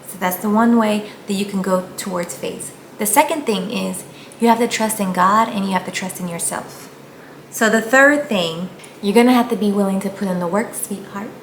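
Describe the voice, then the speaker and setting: A woman delivers a casual motivational talk, speaking to viewers in an earnest, encouraging way. Her voice carries a gravelly fry at mid pitch. The room is echoey, with faint background noise. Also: normal speed. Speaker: faith vlogger.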